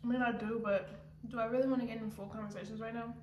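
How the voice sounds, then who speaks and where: A woman's voice: on the high side, fairly even intonation, rapid-fire, darkish tone, highs cut off. A young woman vlogger chatting casually and rambling, sometimes talking with her mouth full while eating at home. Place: indoors at home, sitting hunched over. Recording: roomy home recording with faint noise.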